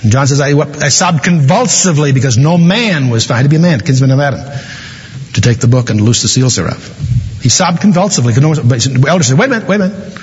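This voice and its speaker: A man preaching a sermon, telling a story and slowing down dramatically for emphasis. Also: medium pitch, expressive, a little mellow, husky. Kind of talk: sermon with a told joke. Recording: dull, reverberant hall recording.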